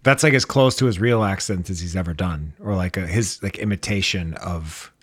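A man's voice: sits low, moderate pace, husky, no echo, clean studio sound. A man co-hosting a podcast, giving blunt, sarcastic opinions on movies in casual chat. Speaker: podcast co-host.

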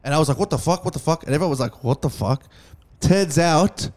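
Fast-talking young man spinning a story. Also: on the high side, animated, a little mellow. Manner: fast, swearing, acts out dialogue. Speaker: podcast host telling a story. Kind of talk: casual storytelling chat.

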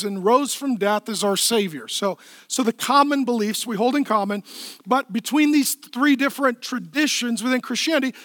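A man's voice: extremely high pitch, fairly bright tone, no room sound, studio quality. A man preaching a sermon as pastor, emphatic and conversational, asking the crowd questions and answering them himself.

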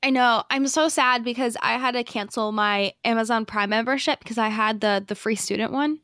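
Young woman, bubbly chatty podcast co-host, bright clear tone, dry close mic. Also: a little high, fairly quick, no room sound. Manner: chatty, bubbly storytelling full of fillers. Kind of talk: casual chat.

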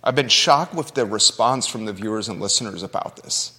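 A man's voice: on the low side, brisk, sharp tone. Earnest male talk show host, reverberant. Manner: earnest, emotional, conversational. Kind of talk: talk radio monologue.

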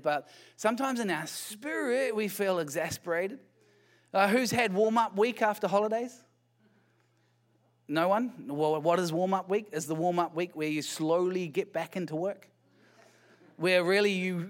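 A man's voice: high voice, a bit bright. A man preaching a sermon as pastor. He speaks conversationally, firing rhetorical questions at the congregation and slipping in light self-deprecating humor.

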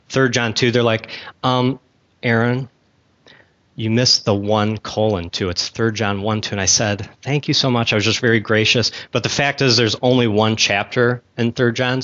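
A man's voice: fairly low pitch, bright, forceful tone, highs cut off. Chatty man teaching a church class. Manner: conversational, chatty asides, asks the class questions; talks with gum in his mouth. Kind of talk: casual Bible teaching to a class.

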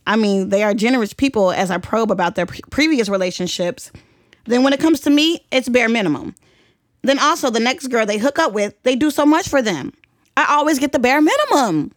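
A woman's voice: medium pitch, dry recording, clean studio sound. A young woman hosting a podcast, giving blunt, profane advice in casual chat and laughing often. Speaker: podcast host.

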